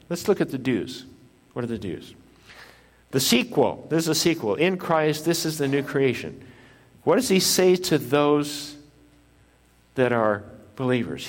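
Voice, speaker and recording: A man preaching a sermon as pastor, repeating key lines for emphasis and putting questions to the congregation. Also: mid-range voice. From Japan. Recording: long hall reverb.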